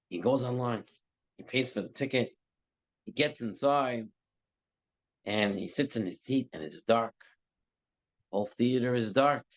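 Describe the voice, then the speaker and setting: Animated male Torah teacher, dull recording. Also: mid-range voice, normal speed, long pauses. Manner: animated storytelling, acting out characters' lines. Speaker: teacher giving a Torah class. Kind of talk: storytelling sermon.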